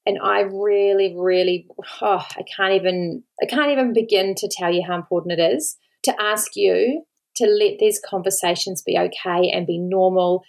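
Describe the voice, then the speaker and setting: A steady, slightly mellow, creaky mid-range voice at normal speed belongs to an Australian mother hosting a solo podcast. She pleads with her listeners in earnest, nearly in tears, repeating words to stress them.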